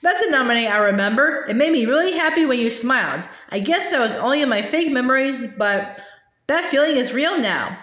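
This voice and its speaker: A woman's voice: sits high, animated, a little fast, fairly bright tone, echoey room. A woman voicing an earnest, kind-hearted teenage boy hero while reading a storybook aloud.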